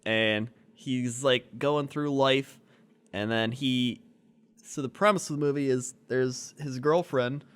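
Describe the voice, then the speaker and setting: A man's voice: medium pitch, fairly even intonation, slow pace, a bit bright, clean tone. A man co-hosting a casual comedy podcast, rambling through a story with lots of fillers and easy laughs. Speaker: podcast co-host.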